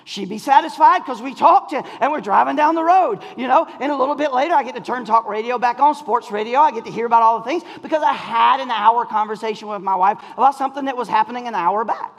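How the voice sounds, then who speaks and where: Middle-aged male pastor, husky and high, sermon with long hall reverb. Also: fast, few pauses. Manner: storytelling, animated, often laughing and shouting.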